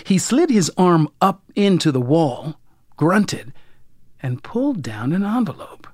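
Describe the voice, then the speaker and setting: A narrator reading a first-person story aloud in a wry, deliberate way, recorded close to the mic. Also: mid-range voice, big pitch swings, a little mellow, no room sound. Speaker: audiobook narrator.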